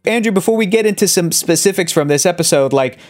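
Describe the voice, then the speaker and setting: A man's voice: sits high, lively intonation, quick pace, darkish tone, soft background music. A man hosting a podcast in an enthusiastic, chatty way. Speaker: podcast host. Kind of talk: casual chat.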